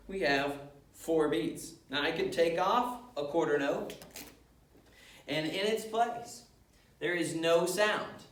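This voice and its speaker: A man teaches young children to read rhythms, speaking slowly and patiently and chanting the beats in time. His voice sits a little high. He is recorded from some distance in an echoey classroom. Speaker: music teacher. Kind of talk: elementary music lesson.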